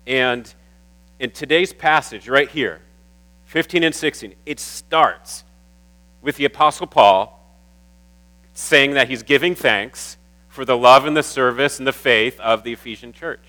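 A man preaches to his congregation in a bright, forceful voice of middling pitch. He talks warmly and gets emotional, often stumbling over and repeating his words. A faint mains hum sits under the recording. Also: unhurried, low-quality recording. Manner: warm, emotional, getting teary at times. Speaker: pastor. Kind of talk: sermon. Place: church.

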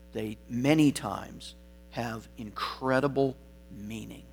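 Man delivering a sermon: measured and slow, leans hard on key words, trails off quietly at phrase ends. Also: mid-range voice. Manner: deliberate, stressing single words; emphatic, drops to quiet phrase endings. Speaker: preacher.

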